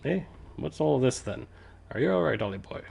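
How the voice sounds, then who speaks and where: A man's voice: medium pitch, big pitch swings, moderate pace, gravelly, a little mellow, a little hiss or hum. A man voicing a cheeky, bossy little male fairy with a blunt, slangy way of barking.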